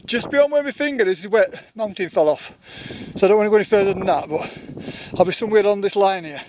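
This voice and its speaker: Yorkshire accent, middle-aged man, high-pitched, chatty and rambling, outdoor vlog, faint wind behind. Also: fast. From Yorkshire, England. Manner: rambling, chatty, self-deprecating. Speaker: outdoor vlogger. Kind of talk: casual outdoor camping vlog. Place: outdoors on a windy hilltop.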